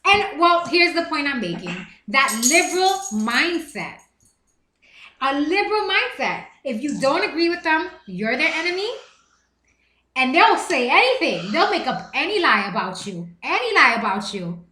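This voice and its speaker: A woman live-streaming from an echoey room, her voice high and swinging widely up and down. She speaks with bright, sharp emphasis and keeps repeating words to hammer home a point. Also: sing-song, moderate pace. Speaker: livestream host. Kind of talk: casual live-stream chat.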